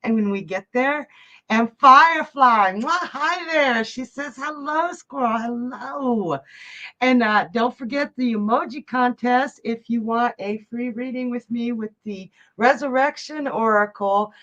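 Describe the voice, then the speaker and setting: A woman hosts a live psychic reading stream, greeting viewers and reading their chat messages aloud in a chatty, upbeat way. Her voice is a little high and sharp, her pace a little slow, and the recording has its highs cut off.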